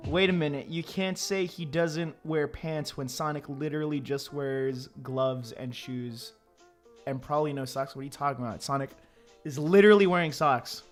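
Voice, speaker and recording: A man's voice: medium pitch, fairly even intonation, a little slow, long pauses. A man streaming while he draws. He chats casually with his viewers, rambles, laughs often and restarts his sentences. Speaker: artist streaming his drawing. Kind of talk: casual livestream chat, answering chat. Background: faint background music.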